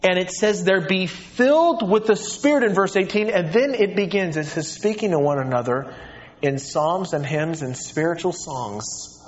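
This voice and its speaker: A male pastor preaching a sermon, emphatic and animated, his voice swinging widely in pitch. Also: moderate pace, lo-fi sound.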